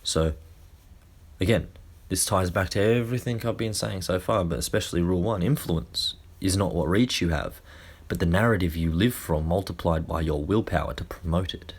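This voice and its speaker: Man, deep low voice, lecture-style monologue, slow deliberate phrasing, restarts. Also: slightly rough. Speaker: speaker.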